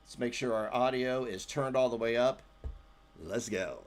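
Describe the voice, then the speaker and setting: A man's voice: mid-range voice, moderate pace, slight background noise. A man commentating on an old clip during a livestream, rambling, sarcastic and profane. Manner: rambling and sarcastic, swinging loud and soft.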